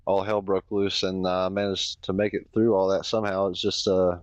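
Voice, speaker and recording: A man, a racing driver, answering post-race questions in an easygoing, halting way. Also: low voice, little pitch movement, dry recording. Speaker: racing driver, third place. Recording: dull, dry lo-fi line.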